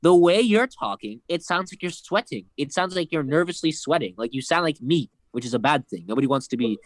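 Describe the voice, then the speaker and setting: Lively, teasing male commentator. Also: fairly high pitch, a little fast, dry recording. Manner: teasing, mock-exasperated, lively. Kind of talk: casual group commentary.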